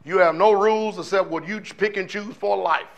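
A man's voice: high voice, fairly even intonation, fairly quick, gravelly, dull audio. A male pastor preaching a sermon in a fiery, conversational way, firing off rhetorical questions to his congregation.

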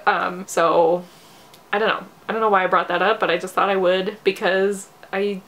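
A woman's voice: medium pitch, level tone, moderate pace, a bit bright. Girl in her 20s rambling about books, tired, lots of likes and little laughs. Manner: chatty, rambling, many "like" fillers; laughs often. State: tired, low energy. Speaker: book vlogger. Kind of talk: casual chat.

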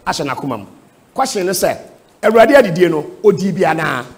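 A man's voice: sits high, very animated, fast. A man with a Ghanaian accent teaching at a church seminar, emphatic and firing rhetorical questions at his listeners. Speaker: preacher answering questions. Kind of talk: seminar teaching in Twi and English.

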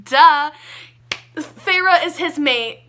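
A young woman gushing about a book she loved, talking casually and excitably with lots of "like" fillers. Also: high voice, drawn-out words, slight background noise. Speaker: book reviewer.

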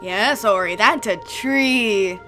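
A woman giving excitable, squealing commentary while playing a video game, often gasping. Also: mid-range voice, takes it slowly. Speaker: let's play gamer. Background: game music.

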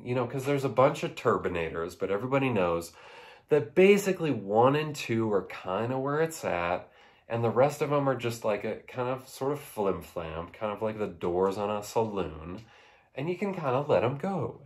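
A man's voice: fairly low pitch, lively intonation, moderate pace. Rambling goofy man recapping a movie. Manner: goofy, rambling, playful voices in quotes. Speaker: host.

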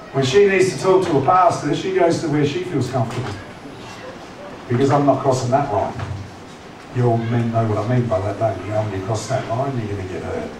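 A man preaching a sermon as pastor, conversational and teasing, often asking the congregation questions. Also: on the high side. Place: church hall. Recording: echoey church hall, distant mic, noisy.

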